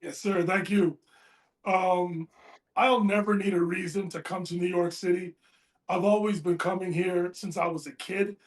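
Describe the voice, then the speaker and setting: A man's voice: sits high, steady tone, normal speed. A man co-hosting a casual sports talk show, speaking earnestly and from the heart. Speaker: podcast co-host. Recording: roomy echo.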